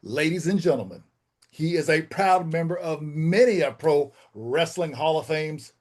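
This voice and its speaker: Male co-host, announcer-style intro, grand and formal, high-pitched. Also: animated, a little slow.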